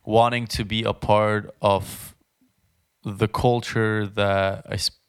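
Smooth-voiced young man chatting on a podcast. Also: on the low side, flat delivery. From Germany. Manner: chatty, fast-talking, many fillers and restarts. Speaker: podcast co-host. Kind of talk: casual podcast chat.

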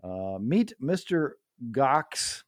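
Slow-talking, easygoing man. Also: mid-range voice, no echo, studio quality. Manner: relaxed, chuckling, agreeable. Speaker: podcast co-host. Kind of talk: casual chat reading odd news.

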